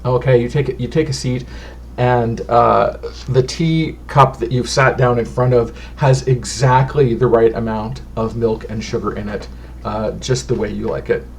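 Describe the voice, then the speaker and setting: A man's voice: medium pitch, fairly even intonation, a little slow, gravelly, a little hiss or hum. A man narrating as game master of a tabletop game in a loose, descriptive way, with many fillers.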